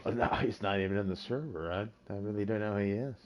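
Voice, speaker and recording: A man hosting a podcast, chatting casually about a game, halting and restarting, then getting loud when excited. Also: lowish voice. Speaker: podcast host. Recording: dull lo-fi mic with faint noise.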